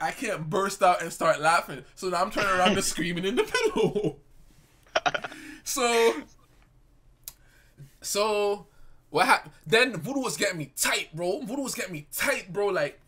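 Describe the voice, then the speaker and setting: Animated young man telling a story. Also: sits high. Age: young adult. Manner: animated, slangy, often bursting into laughter. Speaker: live streamer. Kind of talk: casual storytelling on stream.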